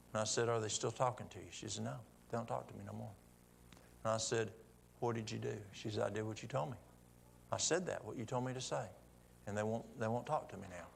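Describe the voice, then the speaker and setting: Gravelly man telling a church testimony. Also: medium pitch, a little hiss or hum. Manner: folksy testimony storytelling with quoted dialogue. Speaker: church speaker. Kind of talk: sermon storytelling.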